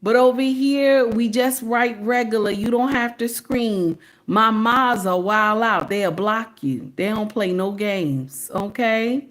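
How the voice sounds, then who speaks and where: Her voice sits on the high side and is fairly bright; she takes it slowly with few pauses. A Southern US woman in her forties, she preaches casually and sassily to livestream viewers, calling them "baby" and checking in with "okay?".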